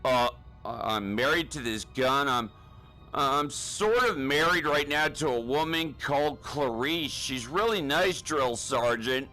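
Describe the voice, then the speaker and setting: A man's voice: mid-range voice, measured pace, pushed and bright, poor audio. A man doing a stammering, whiny recruit. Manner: stammering, pleading, nervous. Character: timid, whiny average male recruit. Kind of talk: comedic spoof acting.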